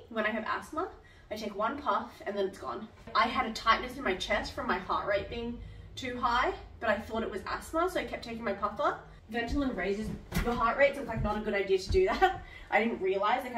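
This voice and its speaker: A young woman rattles through a personal story at a quick clip, chatty and full of "like". She sounds a little distant from the mic, with a roomy echo and faint hiss behind her. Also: fairly high pitch. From Australia. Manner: chatty, lots of "like", animated retelling. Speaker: vlogger. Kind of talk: casual storytelling vlog.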